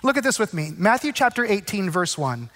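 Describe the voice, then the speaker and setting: A man preaching a sermon in a conversational, animated way, often checking in with the congregation. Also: high-pitched, a little fast, in a large hall. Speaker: pastor.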